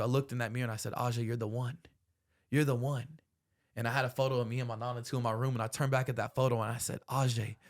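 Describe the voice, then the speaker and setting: A man's voice: medium pitch, gravelly. A young man hosting a podcast, telling a personal story earnestly, full of slang like bro and man. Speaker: podcast host.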